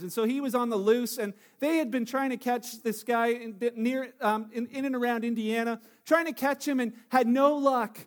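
A man giving a chatty sermon full of jokes and stories, with many fillers and restarts, from Canada. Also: very high voice. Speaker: pastor.

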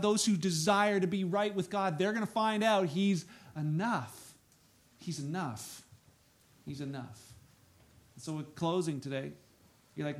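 A man preaching a sermon, reading scripture aloud and breaking into soft asides and loud exclamations. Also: high-pitched, gravelly. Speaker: pastor.

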